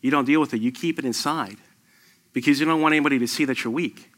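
A man's voice: medium pitch, fast talker, fairly bright tone. A middle-aged man, a military veteran, telling a personal war story to an audience in an emphatic, conversational way.

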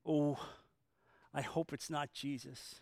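A man voicing a blinded man lying on his back, hushed and dreading, in a sermon. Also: on the high side, steady tone, slow pace, gravelly, no room sound. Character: frightened man struck blind and fallen.

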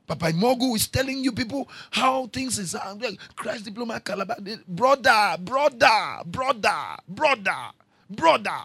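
A man preaching a sermon, repeating his lines, moving from quiet storytelling to shouting. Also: extremely high pitch, lively intonation, moderate pace, vocal fry, husky, no room sound. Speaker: pastor.

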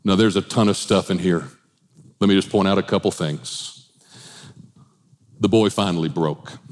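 A man preaching as a pastor, animated, with changing pace, asides and humor. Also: lowish voice. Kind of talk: sermon.

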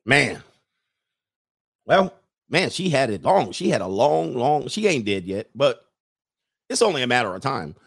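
A man talking loosely on his own stream, wandering from one thought to the next. He jokes as he goes and stops to read out comments from viewers. His pitch sits in an ordinary middle range. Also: big pitch swings, a little slow, vocal fry, long pauses, fairly bright tone, breathy edge, faint music behind. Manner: rambling, joking, reads viewer comments aloud. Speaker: livestream host. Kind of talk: casual livestream monologue.

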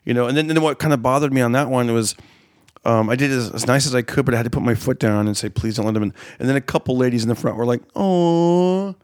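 A man's voice: medium pitch, steady tone, very fast, no echo, studio quality. A man who does stand-up, chatting casually about shows on the road, rambling and full of "like" and restarts. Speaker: stand-up comedian. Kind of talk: casual chat, telling road stories.

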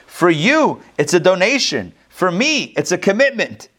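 Pitched high above his natural voice, a man performs an exaggerated pig character with big pitch swings, a fairly bright tone, and a measured pace. The pig is blunt and exasperated, delivering a punchline with incredulous, sardonic flair.

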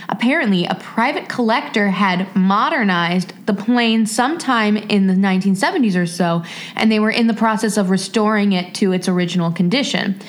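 A woman co-hosting a podcast, reading a listener's story aloud with expressive, emotional reactions. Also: medium pitch. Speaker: podcast co-host. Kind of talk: reading listener stories aloud, casual chat.

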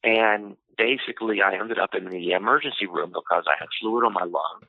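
A man telling a personal story in an interview, unhurried and full of "you know" fillers. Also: lowish voice, creaky, no room sound. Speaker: interview guest. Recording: tinny phone-line audio, dry.

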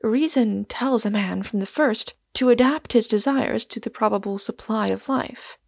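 A woman's voice: a little high, moderate pace, vocal fry, dry recording, studio quality. A woman reading as a testy elderly French cafe keeper. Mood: polite, testy. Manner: testy, formally polite.

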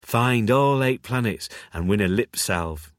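An actor with a Manchester accent playing a young pharmacist who enthuses softly and wistfully about the stars. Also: male voice, lowish voice, animated, a little slow, dry recording, clean studio sound. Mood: dreamy. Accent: Mancunian. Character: dreamy stargazing young male pharmacist.

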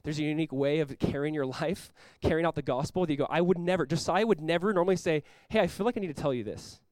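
A pastor preaches in a quick, rushing style, earnest and emphatic, doubling words to drive each point home and acting out short quoted voices. His voice sits a little high for a man, with a darkish tone. The sound is close and dry with no room sound, and the recording is rough.

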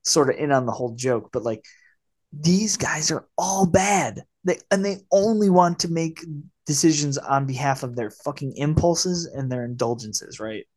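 A man's voice: on the high side, normal speed, a little mellow. A man co-hosting a film podcast, talking in a loose, rambling way with many fillers and acted-out quotes. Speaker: podcast co-host. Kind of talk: casual film discussion.

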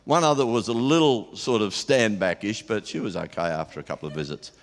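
A man's voice: on the low side, fairly quick. Chatty preacher man in a reverberant hall. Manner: chatty, laughs often, lively when telling the story. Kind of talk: informal sermon with storytelling.

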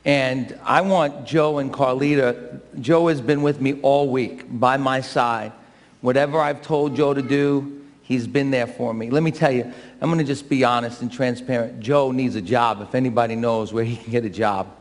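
A man's voice: mid-range voice, fairly even intonation, normal speed, long reverb tail. A man, the pastor, addressing his congregation with emphatic, repetitive calls to serve. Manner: preacherly, building to emphatic repeated calls. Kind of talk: church service address. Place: church sanctuary.

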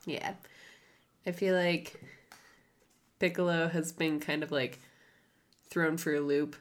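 A woman's voice: sits low, fairly even intonation, takes it slowly. A woman playing a tabletop game, thinking aloud in a loose, hesitant way. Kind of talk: casual game chat.

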